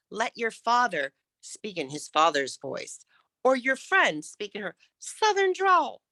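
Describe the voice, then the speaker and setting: Crisply enunciating woman coach, lively pitch. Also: dry recording. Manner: demonstrates shifts between loud and whispered speech. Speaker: public speaking coach. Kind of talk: online workshop teaching.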